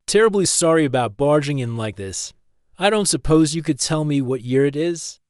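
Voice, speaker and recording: A man's voice: on the high side, expressive, normal speed, darkish tone, dry recording, clean studio sound, close to an everyday voice. A man reading as a chatty woman time-travel physicist. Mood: cheerful. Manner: chatty, apologetic and polite.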